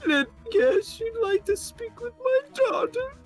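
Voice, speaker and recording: A man voicing a fretful, timid middle-aged male artist from a game, in a high, strained, whiny falsetto. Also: animated, unhurried, soft background music.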